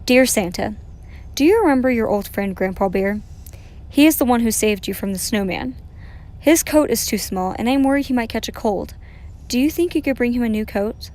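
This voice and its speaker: Storybook little girl bear, eager and caring, as a woman reading aloud puts her on. She speaks in a fairly high, bright voice with an earnest lift. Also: lively intonation, moderate pace.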